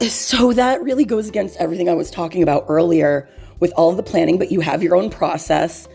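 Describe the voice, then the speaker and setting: A woman hosting a comedic mock interview, speaking in a hesitant, halting way with gentle teasing. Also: on the low side, gravelly, slightly rough, faint music behind. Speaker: host.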